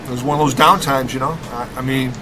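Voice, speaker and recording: A middle-aged man from Rockford, Illinois, appears as a podcast guest and tells a lively story about his college basketball years, emphatic and often ending lines with "okay?". His voice is mid-range and he talks fast, over crowd noise on a low-quality recording.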